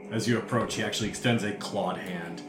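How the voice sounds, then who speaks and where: A man's voice: fairly low pitch, fairly quick, echoey room, over loud music. Man narrating a tabletop game. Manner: relaxed, many fillers. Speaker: game master.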